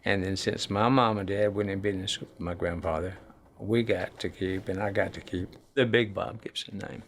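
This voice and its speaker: Low gravelly man, restaurant owner, matter-of-fact. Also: moderate pace, slight background noise. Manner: steady, matter-of-fact storytelling.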